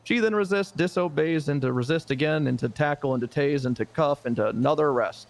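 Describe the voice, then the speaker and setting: Man in role-play as a cop, pitched a bit high, lively storyteller with a foul mouth. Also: fairly quick. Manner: animated storyteller, swears freely. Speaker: police officer in role-play. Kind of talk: in-character role-play chat.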